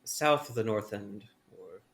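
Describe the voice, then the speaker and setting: A man's voice: fairly low pitch, animated, unhurried, a bit bright. A man chats casually while playing a tabletop game, laughing often and sounding unsure of himself. A faint hiss sits under his voice. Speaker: player.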